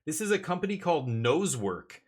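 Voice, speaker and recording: A man's voice: fairly high pitch, very animated, brisk. A man chatting casually as he streams a card game, rambling with jokey asides. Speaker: live streamer. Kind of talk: casual gameplay commentary.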